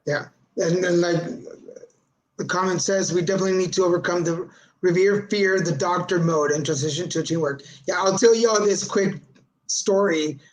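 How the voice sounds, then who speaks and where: A man's voice: high-pitched, normal speed, rough recording. A man hosting a live video chat, telling a funny story in a sarcastic, joking way and dropping in Spanish words. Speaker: host. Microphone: video call.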